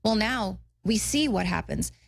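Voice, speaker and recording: A woman's voice: medium pitch, expressive, unhurried, vocal fry. A woman reporter co-hosting a talk show, speaking in a frustrated, indignant tone. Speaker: reporter and co-host.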